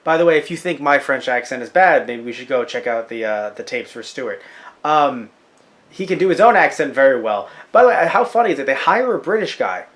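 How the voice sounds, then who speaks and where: A man's voice: medium pitch, brisk. Joking man co-hosting a review podcast. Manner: animated, joking, jumps between thoughts. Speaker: podcast co-host. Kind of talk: casual review chat.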